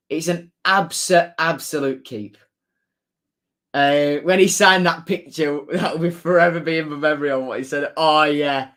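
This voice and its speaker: A chatty man talks casually on a live stream, reading viewer comments aloud. His voice sits a little high for a man. He laughs easily and tends to say things twice. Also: fairly even intonation, moderate pace, a bit bright. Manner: chatty, laughs often, repeats his phrases. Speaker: football fan streamer.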